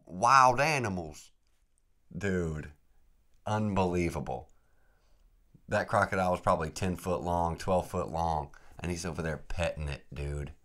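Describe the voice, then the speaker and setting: A podcast host telling a travel story in a laid-back, rambling way, saying "dude" and "freaking" a lot. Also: male voice, low voice, steady tone, moderate pace.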